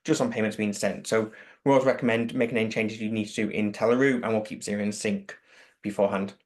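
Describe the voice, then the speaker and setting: A man's voice: fairly low pitch, steady tone, quick pace. Matter-of-fact man explaining features. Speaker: product expert answering questions. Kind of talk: webinar Q&A answers.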